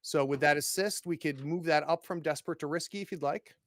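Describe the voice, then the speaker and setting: Animated man running a tabletop game. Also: on the high side, brisk, no echo, clean studio sound. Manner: animated, laughs often. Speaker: game master.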